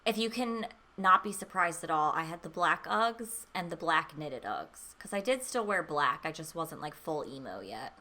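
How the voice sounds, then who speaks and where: Bright-voiced woman telling rowdy stories. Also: deep voice, animated, moderate pace, few pauses. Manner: loose storytelling, swears freely, lots of "like". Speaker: streamer co-host. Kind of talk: casual chat.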